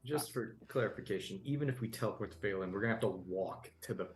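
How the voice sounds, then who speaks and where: Man, tabletop player, very low voice, blunt, echoey room sound. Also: quick pace, slight background noise. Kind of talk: tabletop game chat. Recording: roomy echo.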